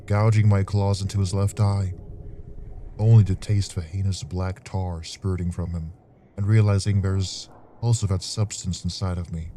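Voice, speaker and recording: A man reading the inner monologue of a brooding young demon noble who recalls dark memories in solemn, poetic words. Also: lowish voice, noisy background, lightly acted.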